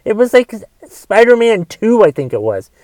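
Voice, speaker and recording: A man rants alone, exasperated and swearing often, restarting his sentences as he goes. His voice sits high with a darkish tone and a sing-song lilt, at a moderate pace with no echo.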